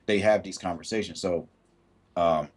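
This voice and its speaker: Deep and husky, the voice of this casual livestream host moves at normal speed. He's animated, performing his thoughts in changing voices and welcoming viewers as he goes.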